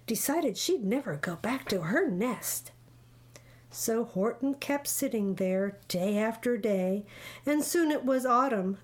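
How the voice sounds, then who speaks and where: A woman reading a rhyming picture book aloud in a rhythmic, expressive way. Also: a little high. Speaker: storybook reader.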